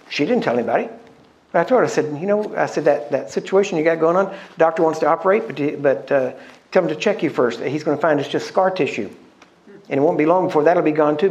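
Telling stories as he preaches, a middle-aged pastor keeps the sermon conversational and frequently asks his congregation questions. His voice is a little high.

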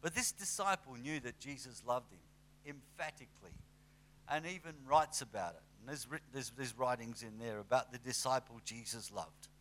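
Lively conversational male preacher. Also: mid-range voice, moderate pace. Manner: conversational, animated with acted asides. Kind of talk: sermon.

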